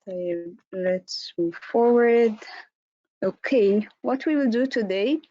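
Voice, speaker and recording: A woman with a hoarse voice from an allergy, presenting a business webinar as a consultant and stumbling over fillers and restarts. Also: medium pitch, dark tone, dry recording, highs cut off. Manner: hesitant, many fillers and restarts.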